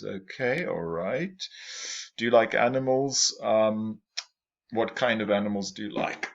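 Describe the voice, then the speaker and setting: A man's voice: on the low side, unhurried, creaky. A man teaching an English class, patiently repeating example sentences and questions for his students. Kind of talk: classroom lesson explaining exam tips. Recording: dull lo-fi lecture recording.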